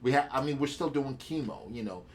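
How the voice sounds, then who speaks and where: A man's voice: medium pitch, expressive, brisk, a little mellow, a little hiss or hum. A man co-hosting a podcast in casual chat, arguing his points emphatically, step by step. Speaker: podcast co-host.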